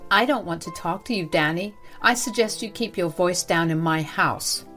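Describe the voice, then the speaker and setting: A woman's voice: on the low side, normal speed, a bit bright, soft background music, close to an everyday voice. A woman voicing a cruel older woman who runs a school, speaking with cold contempt. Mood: contemptuous.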